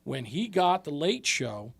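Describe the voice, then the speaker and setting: A man's voice: a little high, sing-song, a little slow, gravelly, breathy edge, no echo. A man co-hosting a podcast, telling long rambling stories in casual chat and swearing freely. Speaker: podcast co-host.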